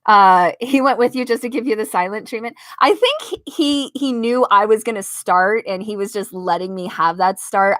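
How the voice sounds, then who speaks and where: This medium-pitched voice belongs to a young American live-stream host from Las Vegas, talking into her own desk mic in her bedroom. She laughs a lot while telling her chat a story and plays the parts of the other people in it. The sound is clean and studio-like, without echo.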